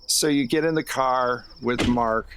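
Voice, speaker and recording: A man's voice: mid-range voice, a little slow, background noise. Man narrating as game master. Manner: relaxed, conversational narration. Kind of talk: narrating a tabletop role-play.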